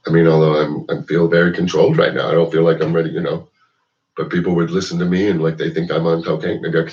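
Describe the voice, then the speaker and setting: A deep-voiced man rambles through a political rant, filling gaps with "like" and swearing freely. He sits back from the mic, and the sound is distant and muffled. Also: level tone, quick pace, darkish tone. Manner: rambling, profane, heavy with "like" and "you know". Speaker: host.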